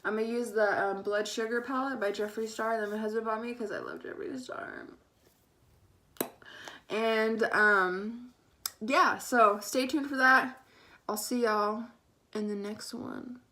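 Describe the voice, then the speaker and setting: A woman's voice: a little high, animated, a little slow, bright, forceful tone. A young woman chatting casually as she does her makeup, sassy and sarcastic, swearing freely. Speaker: beauty vlogger. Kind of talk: casual get-ready-with-me chat.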